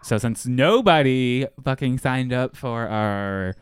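A young man hosting a casual sports podcast, loud and profane, laughing often. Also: mid-range voice, animated, slow, clear, resonant tone, dry recording, studio quality. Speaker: podcast host.

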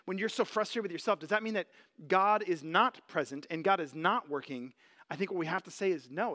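A man's voice: high-pitched, bright, forceful tone. A man preaching a sermon in a conversational, earnest way, often saying "like". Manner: conversational, earnest, many "like" fillers. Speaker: pastor. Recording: long hall reverb.

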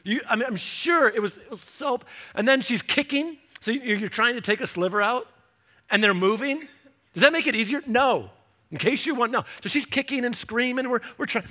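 A man in his forties preaching a sermon as a pastor, telling animated stories and acting out the voices of people in them. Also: very high voice, moderate pace.

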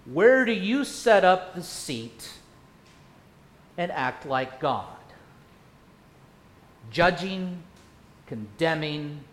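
A male pastor preaching a sermon, firing rhetorical questions and swinging from loud to hushed. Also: fairly high pitch. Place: church sanctuary. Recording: echoey church room.

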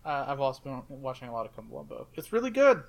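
A man's voice: medium pitch, very animated, fast talker, creaky. A man co-hosting a podcast, rambling through comic lore with lots of fillers and enthusiasm. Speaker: podcast co-host. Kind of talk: casual chat.

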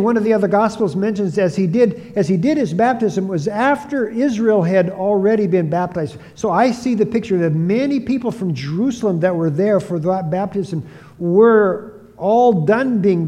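A man's voice: high-pitched, mellow. A man preaching an expository Bible teaching, emphatic, often repeating key phrases for stress. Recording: long hall reverb.

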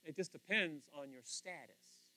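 High-voiced animated male preacher. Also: measured pace, dry recording, faint music behind. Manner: animated, playful, acts out quotes in voices. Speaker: pastor. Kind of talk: sermon.

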